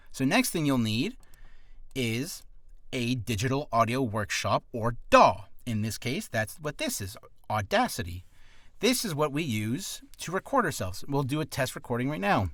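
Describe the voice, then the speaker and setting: A man's voice: mid-range voice, measured pace, no echo. A man who is an aspiring voice actor talks through a casual tutorial vlog from a home studio, rambling and correcting himself as he goes. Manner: rambling, self-correcting, animated.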